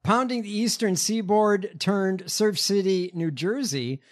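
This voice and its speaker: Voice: medium pitch, measured pace. A podcast host reading news headlines aloud, with many hesitations and fillers.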